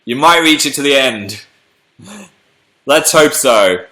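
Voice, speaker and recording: Bright, chatty British man. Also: medium pitch, lively intonation, slow. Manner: chatty, playful, reads out viewer comments. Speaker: livestream host reading chat. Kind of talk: casual chat.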